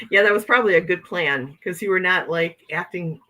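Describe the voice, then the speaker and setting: Rambling, bright-voiced woman hosting a stream. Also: fairly low pitch, normal speed, rough recording. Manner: rambling and conversational, with frequent "okay" and "you know what I'm saying". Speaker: livestream host. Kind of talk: casual livestream chat, reading viewer comments.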